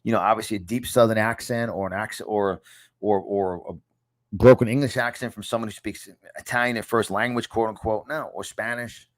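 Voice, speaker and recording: A man's voice: on the low side, fairly even intonation, moderate pace. A man in his fifties with a New York accent gives a motivational talk as a podcast host, repeating key lines in an emphatic, punchy, preacher-like delivery from a home studio. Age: 50s. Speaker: podcast host and success coach.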